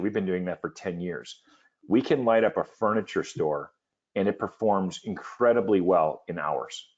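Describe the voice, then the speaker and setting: A man's voice: low voice, dull audio. A man hosting a business webinar, speaking in a confident, emphatic salesman manner over a video call. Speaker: webinar host.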